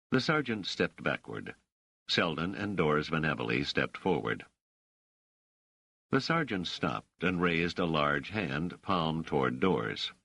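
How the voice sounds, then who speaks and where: A man reading a novel aloud as scripted narration, in a measured storytelling manner. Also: rumbling low, big pitch swings, creaky, fairly bright tone, slightly rough, no echo. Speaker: audiobook narrator.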